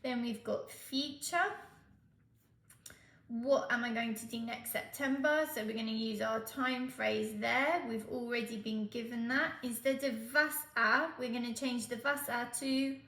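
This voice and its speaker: A woman's voice: on the high side, fairly even intonation, unhurried, fairly bright tone. Patient woman teaching Spanish, roomy sound. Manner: patient, explains step by step, checks in with "okay?". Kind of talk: exam tutorial.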